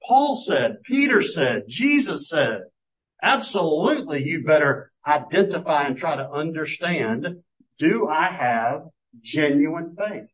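A man preaches in an easygoing, storytelling way and often doubles back to restart a thought. His voice sits a little high and sounds husky. The recording is muffled and lo-fi. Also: lively intonation, slow pace, a bit bright. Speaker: pastor. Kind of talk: sermon.

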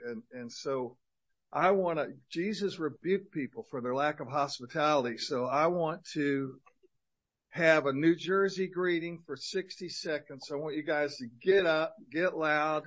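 A man's voice: a little high, unhurried. Older guy preaching to a men's group, jokey and rambling, kinda muffled sound. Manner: energetic, joking, rambling with many fillers. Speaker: guest speaker and minister to men. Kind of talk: humorous talk to a men's group. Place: church gathering of men.

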